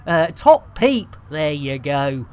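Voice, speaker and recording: A man's voice: fairly high pitch, sing-song, slow, a little mellow. A man giving rambling, jokey live commentary while streaming a video game. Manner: jokey, rambling, cheeky innuendo, frequent laughter.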